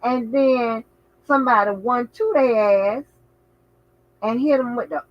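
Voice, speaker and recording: A man hosting a casual livestream, talking in an animated, outspoken way with frequent swearing and exclamations. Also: extremely high pitch, unhurried, muffled recording, a little hiss or hum. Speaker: channel host.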